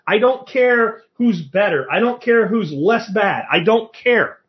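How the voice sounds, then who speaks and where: A man's voice: sits high, animated, lo-fi sound. Blunt, profane male podcast host. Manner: blunt, profane and sarcastic, with rapid rhetorical questions. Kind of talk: political commentary monologue.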